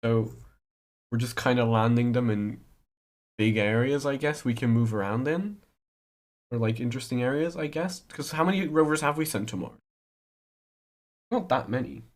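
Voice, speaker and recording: A man's voice: medium pitch, moderate pace, long pauses. Guy rambling and joking around in casual chat, mid voice. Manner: playful, rambling, teasing.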